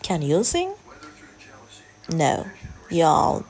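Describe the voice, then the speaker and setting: A young woman chatting casually in a soft, often half-whispered drawl as she narrates a hair-braiding tutorial. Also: sits low, wildly swooping pitch, very slow. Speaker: hair vlogger.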